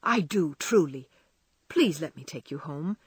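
A woman voicing a polite young gentleman. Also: deep voice, animated, a little slow, slightly rough, dry recording, studio quality, full character voice. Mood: courteous. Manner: courteous and obliging.

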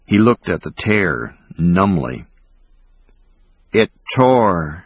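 A man reading a thriller audiobook in a measured, dramatic way. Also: low-pitched, very animated, husky, dry recording. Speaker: audiobook narrator. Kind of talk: scripted narration.

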